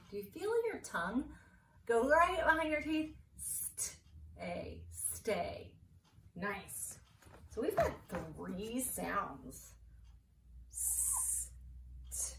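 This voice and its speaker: Woman teacher, slow and deliberate, animated pitch, distant roomy recording. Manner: slow, clearly sounding out letters and syllables. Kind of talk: spelling lesson to an imagined class. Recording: roomy, distant mic with faint noise.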